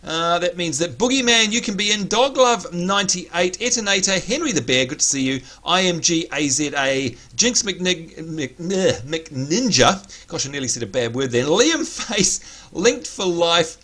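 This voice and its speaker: Man, livestream host, bright tense voice, a touch high, excitable chatter, slightly hoarse. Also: a little slow. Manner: excitable, chatty, addresses viewers by name. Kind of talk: casual gaming livestream chat.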